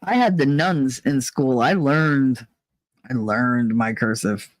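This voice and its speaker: A man's voice: mid-range voice, slow pace, dry recording, poor audio. A middle-aged man from New Jersey with a New Jersey accent, hosting a live stream in rambling, profane casual chat, laughing often. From New Jersey, USA.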